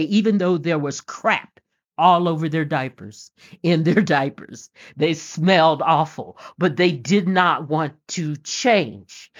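A middle-aged woman hosting a podcast, telling homespun stories and jokes in a casual, folksy way and laughing often. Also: on the low side. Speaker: podcast host. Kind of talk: casual storytelling monologue. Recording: dull lo-fi recording.

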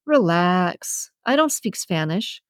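A woman's voice: lowish voice, very animated, slow, no echo. A woman reading a story, voicing a sensible young waitress who answers with wry, dry retorts.

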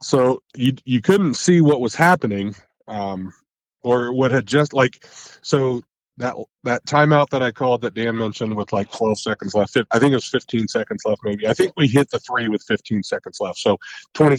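A man's voice: medium pitch, normal speed, no room sound, poor audio. A man, a head coach, telling a long game story in a casual podcast chat, rambling and correcting himself as he goes. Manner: animated, rambling recounting with self-corrections.

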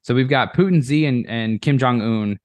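A man's voice: mid-range voice, moderate pace, darkish tone. A man who is a podcast guest, speaking earnestly in a casual chat. He swears freely and keeps stopping to restart his sentences. The mic sound is dry, with no room echo.

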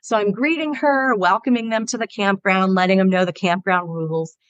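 A woman from the Southern US, a guest author on a podcast, telling lively anecdotes in casual conversation. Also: medium pitch, a little fast, dull audio. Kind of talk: casual interview storytelling.

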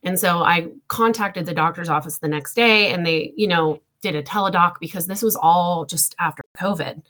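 Lower-voiced woman telling a hard story. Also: sharp tone. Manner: halting, many fillers, close to tears. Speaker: guest. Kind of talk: emotional personal story.

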